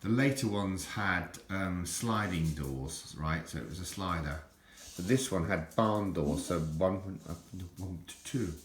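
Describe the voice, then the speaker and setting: A deep, low-pitched older man talks in a loose, rambling vlog style, often stumbling over and repeating his words. The sound bounces around a roomy, echoey space, with a faint hum in the background. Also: measured pace, few pauses. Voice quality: deep, self-described nappy voice. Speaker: collector showing items.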